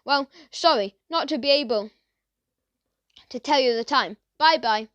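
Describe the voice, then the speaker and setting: A talkative country postman grumbles and gossips in a lively, fairly loud voice, as a woman puts him on in a children's audiobook. He is friendly and easygoing. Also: high voice, unhurried, no room sound. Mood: chatty. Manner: chatty, gossipy.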